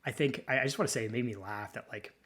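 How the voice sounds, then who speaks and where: Husky thirtyish male lawyer, podcast co-host; loose, sentimental, restarts a lot. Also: medium pitch, fast, a bit bright. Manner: rambling, candid and sentimental, with frequent restarts. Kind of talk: casual chat.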